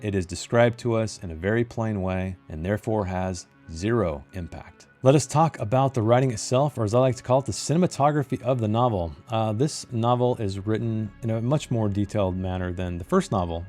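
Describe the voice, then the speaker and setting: A man delivers a critical book review, emphatic and given to repeating his key phrases. His voice sits low and sounds warm and relaxed. Faint music plays under him.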